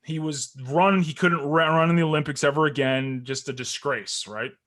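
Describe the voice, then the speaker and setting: A man, co-hosting a casual sports podcast, telling stories in an animated way and laughing often. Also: a little high, normal speed. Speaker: co-host.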